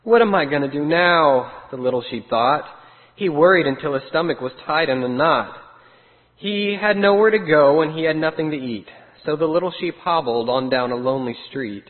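A man reading a rhyming children's story aloud in a steady, sing-song way. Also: fairly high pitch. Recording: tinny phone-like sound with long reverb.

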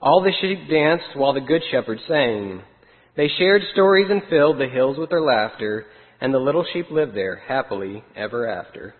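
A man reading a rhyming children's story aloud in a steady, sing-song way. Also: mid-range voice, normal speed. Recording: tinny phone-like sound with long reverb.

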